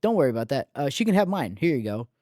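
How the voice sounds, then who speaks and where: A man's voice: medium pitch, big pitch swings, racing, warm tone, no echo, voice pushed up, natural voice. Dude doing a chill turtle guy, offhand and generous, dry sound. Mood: breezy. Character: easygoing male turtle runner, generous.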